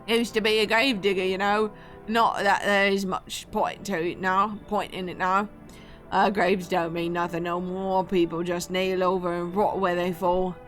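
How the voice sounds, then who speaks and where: A rough, spooked grave digger from a horror game rambles in a folksy British-sounding drawl, as a woman puts him on. The voice sits at a middling pitch and moves unhurriedly, with faint music underneath. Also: level tone, measured pace, a bit bright. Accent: British-sounding put-on. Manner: rough folksy drawl, stumbling over words. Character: weary gruff male grave digger.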